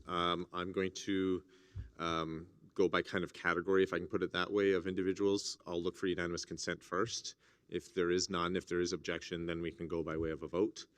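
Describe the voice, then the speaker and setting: A man chairing a formal assembly, speaking in a measured, hesitant way with many fillers. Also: deep voice, steady tone. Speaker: meeting chair.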